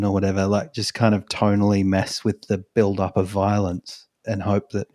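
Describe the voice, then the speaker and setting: A man's voice: lowish voice, completely flat delivery, normal speed, darkish tone, dry recording, clean studio sound. A man co-hosting a podcast, musing wryly in casual chat and laughing often. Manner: wry, reflective, laughs often. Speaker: podcast co-host.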